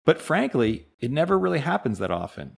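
A man, an executive coach, hosting a conversational interview with a relaxed, playful manner. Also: on the high side, fairly quick, creaky, husky.

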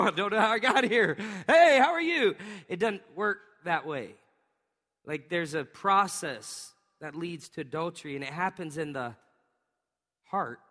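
A man in his thirties preaching a sermon, telling a family story with lots of energy, laughing often and acting out the sounds his kids make. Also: on the high side. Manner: animated storytelling with bursts of acted-out sounds. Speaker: pastor. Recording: reverberant hall.

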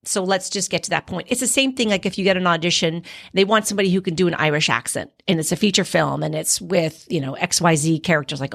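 Gravelly-voiced middle-aged Canadian woman. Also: fairly low pitch, quick pace. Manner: animated storyteller, acts out quoted inner dialogue. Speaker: actor. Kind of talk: casual podcast conversation.

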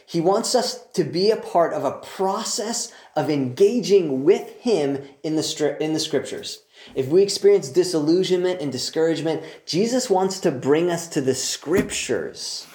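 Lively, animated male preacher in a roomy hall. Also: fairly high pitch. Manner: enthusiastic and animated, joking asides. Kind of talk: conversational Bible teaching. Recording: roomy echo.

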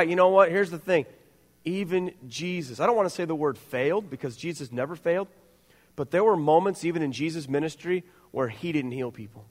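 A man's voice: a little high, a little fast. Middle-aged pastor guy preaching, earnest and worked up, trips over his words a bit, echoey church. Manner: earnest, building to animated emphasis, stumbling restarts. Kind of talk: sermon.

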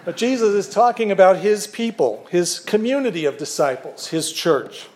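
A man's voice: high voice, expressive. Earnest older male pastor preaching. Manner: measured, earnest preaching with gentle humor. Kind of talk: sermon.

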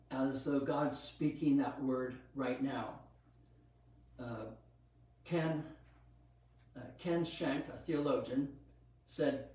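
Slow, echoey male preacher. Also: medium pitch, warm tone. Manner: slow, earnest, with frequent fillers and restarts. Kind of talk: sermon teaching on Scripture. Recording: very echoey room, from a distance.

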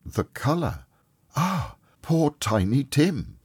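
A man voicing a grieving, gentle mother who speaks with soft, faltering tenderness. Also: medium pitch, wildly swooping pitch, takes it slowly, breathy edge, no echo, clean studio sound, voice pushed up, exaggerated voice. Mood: tender.

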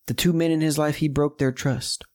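A man's voice: on the high side, steady tone, moderate pace, darkish tone. Emphatic man preaching a Bible study. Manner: emphatic, conversational, rising to exclamations. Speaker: podcast host teaching Bible study. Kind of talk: scripture reading with preaching commentary.

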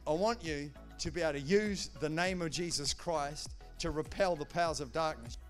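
A male pastor preaching a sermon, animated, acting out quotes and swinging between loud declarations and hushed asides. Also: on the high side, moderate pace, music in the background.

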